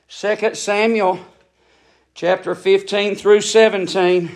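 Male preacher, very high pitch, slow deliberate delivery, impassioned sermon, hushed to shouting, stammering restarts. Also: roomy sound.

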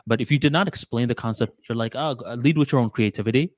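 A man of middle pitch reasons his way through ideas on a casual podcast. His talk is loose and full of filler words. The recording is close and dry, with no room sound. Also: fast, dry recording. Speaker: podcast co-host. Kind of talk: casual chat.

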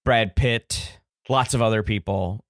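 A man's voice: lowish voice, unhurried, no echo, studio quality. A man hosting a podcast in casual chat, joking and restarting his sentences. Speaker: podcast host.

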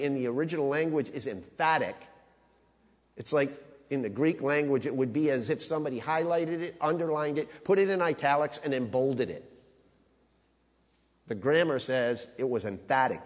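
A man preaching a sermon with emphasis, rising to loud high peaks and dropping to quiet low asides. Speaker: pastor. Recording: long reverb of a large hall.

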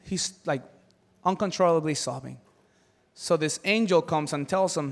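A man preaching a sermon as pastor, animated, acting out quoted voices in his stories. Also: on the high side, unhurried, vocal fry. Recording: long hall reverb.

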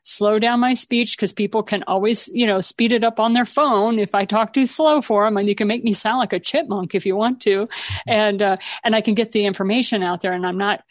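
A middle-aged woman hosting an interview, chatty and quick to laugh. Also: medium pitch, dry recording. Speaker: podcast host. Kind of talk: casual interview chat.

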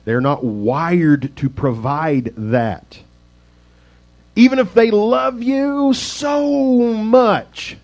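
Pendeta pria yang santai dan mengobrol. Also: male voice, a little high, a little mellow. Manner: casual, self-deprecating, rambling asides. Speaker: pastor. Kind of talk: conversational sermon.

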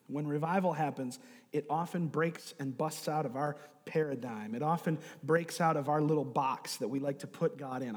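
A man preaching a sermon, telling a story and moving between quiet, hushed asides and loud, emphatic bursts. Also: on the high side, husky. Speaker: pastor. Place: church sanctuary. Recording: long reverb of a large hall.

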